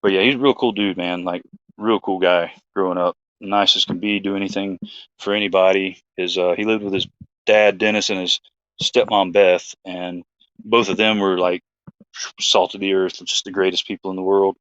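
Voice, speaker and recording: A man's voice: sits low, level tone, normal speed, a bit bright, no echo, highs cut off. A man, hosting his own show, telling a story in a rambling, laid-back chat full of fillers. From Georgia, USA. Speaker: host.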